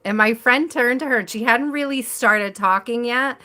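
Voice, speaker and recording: Bright-voiced lady chatting on her live stream, laughs a lot while telling stories. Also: on the high side, moderate pace. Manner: chatty storyteller, laughs often. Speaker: tarot reader hosting a live stream. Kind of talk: casual chat on a live stream.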